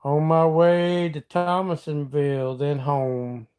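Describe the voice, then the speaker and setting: High-voiced Southern man chatting live. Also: little pitch movement, slow pace, a little mellow, clean tone. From Georgia, US. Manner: folksy, chatty, reads out and answers viewer comments. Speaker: livestream host. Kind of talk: casual live chat.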